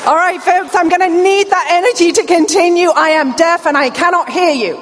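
A middle-aged British woman with a slight deaf accent giving a lively, playful conference keynote, speaking straight to the audience. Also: very high voice, a little fast, a faint crowd. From England. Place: large hall before a live audience. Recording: long hall reverb with faint ambient noise.

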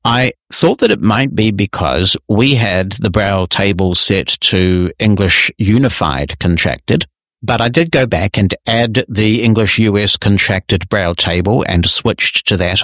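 A man's voice: lowish voice, measured pace, fairly bright tone, no echo, studio quality. A man hosting a technology podcast, answering listener emails in a conversational, explanatory and lightly wry way. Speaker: podcast host.

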